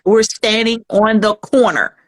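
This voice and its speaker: A woman's voice: a little high, measured pace. Podcast guest, a woman, earnest storytelling, acts out the voices in her tale. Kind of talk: personal testimony in a podcast interview.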